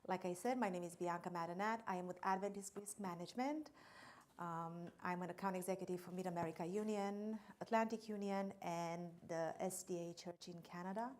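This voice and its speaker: A woman's voice: lowish voice, steady tone, fairly quick, a little mellow. A woman with a Romanian accent giving a training presentation on risk management to church treasurers, earnest and explanatory, stressing key terms. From Romanian descent. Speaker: insurance trainer.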